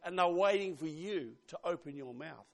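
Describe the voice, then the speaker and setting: A man's voice: a little high, lively intonation, moderate pace, creaky. A man preaching a sermon, emphatic, quoting scripture and asking the congregation questions.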